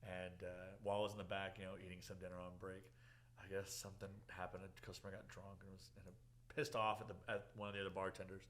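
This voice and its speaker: Sitting low in pitch and speaking fast, a young man hosts a relaxed podcast conversation. His storytelling is lively, full of acted-out quotes and frequent laughter.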